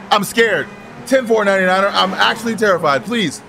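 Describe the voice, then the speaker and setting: Brash, bright-voiced young streamer guy. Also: high-pitched, fairly quick, creaky, slight background noise. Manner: brash, profane, yelling and joking. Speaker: streamer playing a police officer in online roleplay. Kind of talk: loud improvised game roleplay.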